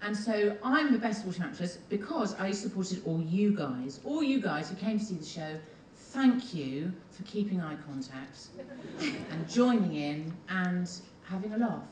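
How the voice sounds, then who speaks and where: A woman giving a rambling, giggly, excited award acceptance speech on a theatre stage. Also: lowish voice, a little slow, slight background noise. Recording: echoey theatre, far from mic, loud audience. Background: audience laughter.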